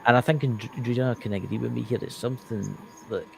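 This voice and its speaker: A man with a Scottish accent from the lowlands near Glasgow chats with lively enthusiasm. His voice is gravelly and sits at a middle pitch. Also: fast, slight background noise, low-quality recording. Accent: Scottish, Glasgow area. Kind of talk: casual chat.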